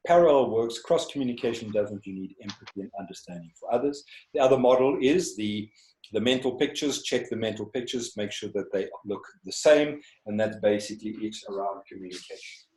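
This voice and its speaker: A man's voice: lowish voice, a little fast, a little mellow. A man teaching communication skills in an online class, often checking in with his listeners through rhetorical questions. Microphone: video call. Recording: echoey room over a video call.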